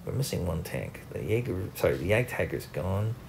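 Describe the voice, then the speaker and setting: A man's voice: deep voice, sing-song, moderate pace, gravelly, noisy background. A young man, host of a gaming channel, giving chatty, self-mocking commentary over his own gameplay.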